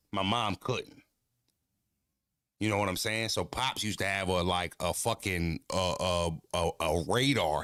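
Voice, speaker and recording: A man chatting casually, telling stories in a profane, animated way and laughing often. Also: fairly low pitch, no echo, studio quality. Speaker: streamer. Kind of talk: casual chat.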